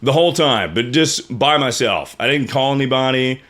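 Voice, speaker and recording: A young man telling a story in a casual, profane rant, jumping between loud outbursts and low mutters. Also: lively intonation, moderate pace. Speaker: streamer.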